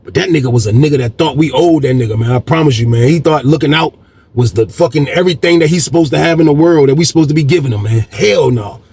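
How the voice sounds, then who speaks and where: A man's voice: a little high, quick pace, a little mellow, a little hiss or hum. A man hosting a storytelling video, talking casually and profanely, acting out quoted voices and repeating "man" a lot. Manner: profane, repetitive, keeps saying "man".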